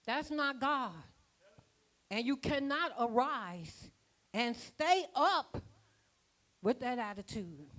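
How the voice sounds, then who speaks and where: A woman preaching a sermon at a church conference, folksy and rhythmic, with plain dialect grammar. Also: high-pitched. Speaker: apostle preaching.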